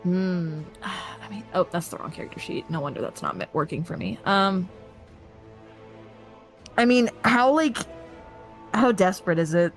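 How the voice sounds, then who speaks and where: A woman's voice: on the low side, lively intonation, a little slow, long pauses. Woman, tabletop player, chatty, self-deprecating, faint music.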